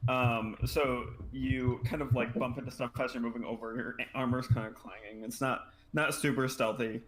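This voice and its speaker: A man's voice: mid-range voice, flat delivery, moderate pace, a bit bright. A man running a tabletop game as game master, describing scenes in a loose, rambling way full of fillers.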